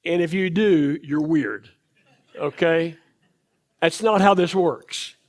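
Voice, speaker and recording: A man preaching from the pulpit in a church sanctuary. His voice sits fairly high for a man, and he takes his time, leaning on each phrase and repeating the important ones. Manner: slow, emphatic, repeats key phrases. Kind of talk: sermon.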